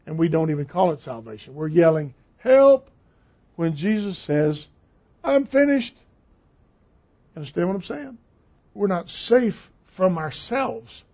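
Gravelly older male preacher. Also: on the high side, warm tone. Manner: emphatic, repeating key words. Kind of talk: sermon. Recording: dull lo-fi sound.

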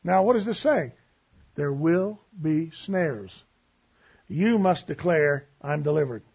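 A man preaching a sermon, telling stories and acting out both sides of a conversation in a husky voice. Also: fairly high pitch, animated, slow, lo-fi sound.

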